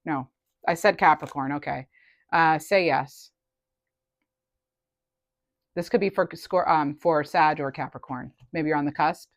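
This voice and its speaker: Unhurried and low-pitched, a woman gives a casual collective tarot reading with frequent pauses and no room sound. She talks through her thoughts in a chatty way, often losing the thread and starting again.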